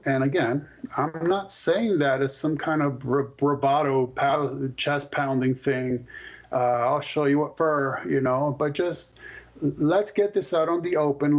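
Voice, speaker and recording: A man's voice: on the high side, muffled recording. A male author on a podcast as a guest, telling stories and laying out his arguments in conversation. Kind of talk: conversational explaining.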